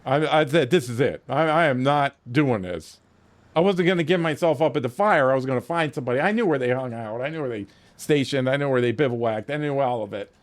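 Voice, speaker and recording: Speaking briskly in a mid-range voice, this game streamer spins a lengthy, profanity-laden story, performing his own lines and frequently starting over.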